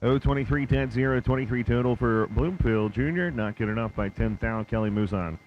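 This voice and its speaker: A man's voice: medium pitch, a little fast, highs cut off, background noise. A man announcing drag races, reading out times steadily and laughing along with his partners. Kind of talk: casual race commentary.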